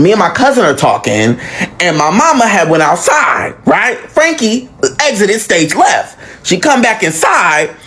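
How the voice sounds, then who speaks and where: A young man telling his own story in casual, animated fashion, swearing freely and swinging dramatically in pitch.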